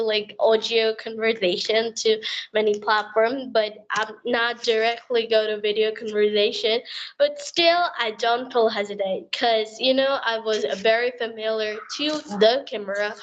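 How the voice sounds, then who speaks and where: A woman with a somewhat high voice talks through a practice conversation. Her speech is halting, with many fillers and restarts. The recording is dull and lo-fi. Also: slight background noise. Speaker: interviewee.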